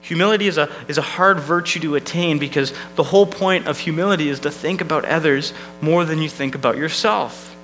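Bright-voiced male pastor preaching casually. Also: a little high, fairly quick, few pauses, soft background music, rough recording. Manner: conversational, self-deprecating preaching with frequent restarts. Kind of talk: sermon.

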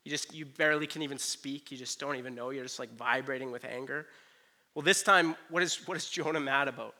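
Bright-voiced man preaching a sermon. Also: mid-range voice, brisk. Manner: conversational preaching, acts out Jonah's lines in asides. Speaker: pastor.

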